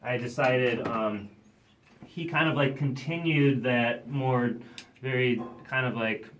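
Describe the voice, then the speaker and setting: A man's voice: mid-range voice, slow, a bit bright, slight background noise. A man, a drummer, explaining his drum part, scatting the rhythms aloud with frequent hesitant fillers.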